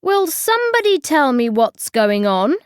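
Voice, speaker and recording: A woman doing a brisk football manager. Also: fairly high pitch, very animated, no room sound, clean studio sound, pitched above the performer's own voice. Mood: firm. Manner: brisk, firm.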